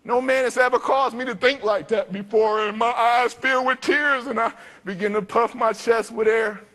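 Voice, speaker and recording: A male pastor from Detroit preaching a storytelling sermon, emphatic, with big swings in pitch and loudness. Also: fairly even intonation, normal speed. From Detroit, United States.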